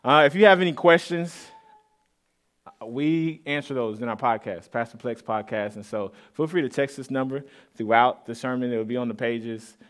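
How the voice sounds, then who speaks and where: A pastor from east Austin delivers his sermon like a chat with the congregation. He slips in stories and joking asides, and his voice sits at an everyday middle pitch for a man. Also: moderate pace, fairly bright tone. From east Austin, Texas. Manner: conversational, storytelling, with asides and laughs. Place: church sanctuary.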